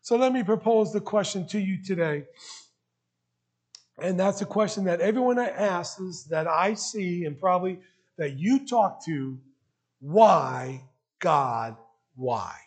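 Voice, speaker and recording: A pastor with a high, light voice delivers a heartfelt sermon from the pulpit of a church. He speaks earnestly and emotionally, pressing his congregation with emphatic repeated questions. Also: animated, normal speed. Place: church sanctuary.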